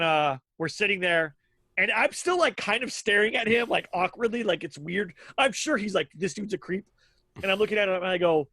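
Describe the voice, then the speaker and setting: A man in his thirties with a fairly bright, higher-pitched voice co-hosts a podcast, rambling through casual stories full of fillers and acted-out quotes. The recording is dry.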